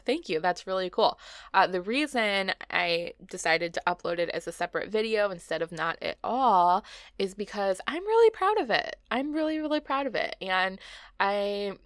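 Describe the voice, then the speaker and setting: A woman's voice: mid-range voice, a bit bright, no echo. Chatty, rambling woman with a dry voice. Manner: rambling and self-mocking, with frequent laughs and tangents. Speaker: gaming channel host. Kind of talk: casual voice-over chat over a building video.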